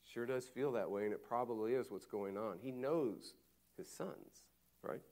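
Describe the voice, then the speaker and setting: A male pastor preaching conversationally, acting out Bible voices with lively emphasis. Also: medium pitch, moderate pace. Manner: animated, conversational, acts out quotes. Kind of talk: sermon.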